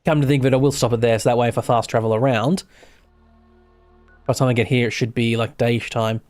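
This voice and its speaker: A man's voice: mid-range voice, steady tone, fast, a little mellow, soft background music. Australian man streaming a game. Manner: rambling, self-correcting, swears casually. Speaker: gaming streamer. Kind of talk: casual live gameplay commentary.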